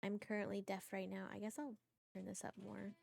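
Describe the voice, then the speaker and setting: A woman's voice: mid-range voice, little pitch movement, a little fast, vocal fry, a little mellow, soft background music. Chatty woman streamer on a desk mic. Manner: chatty, laughs often, greets chat by name. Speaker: game streamer. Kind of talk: casual live-stream chat. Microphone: desk mic, headset off.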